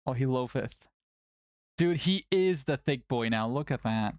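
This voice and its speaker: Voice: medium pitch, animated, measured pace, dry recording. A playful stream host whose voice leaps up and down as they chat and coo. The sound is close and dry, with no room around it. The talk stays loose and casual between tournament updates. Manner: playful, chatty, often cooing at a cat.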